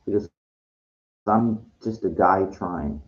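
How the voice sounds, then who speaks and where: A man's voice: deep voice, slow pace, muffled recording. A man rambling in a frustrated monologue vlog, repeating himself and restarting his sentences. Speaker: vlogger.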